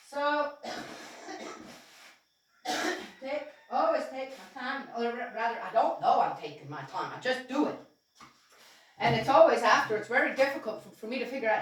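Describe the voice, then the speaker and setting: Rambling high-voiced woman in an echoey room. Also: big pitch swings, normal speed. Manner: rambling, with many fillers and frequent soft laughs; talks to herself aloud. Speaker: spiritual storyteller. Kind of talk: casual spoken memoir narration. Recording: very echoey room, distant mic, faint hiss.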